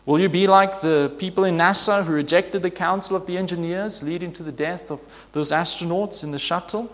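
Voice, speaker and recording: A man's voice: high-pitched, fairly quick, fairly bright tone, big-room sound. A man preaching a sermon, earnest and emphatic, reading scripture and pleading with rhetorical questions.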